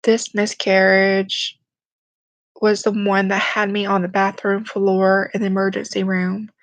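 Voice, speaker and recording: A young woman telling a personal story to camera, speaking quietly and haltingly, close to tears. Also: mid-range voice, flat delivery, no room sound, low-quality recording. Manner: quiet, halting, emotional, holding back tears. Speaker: vlogger.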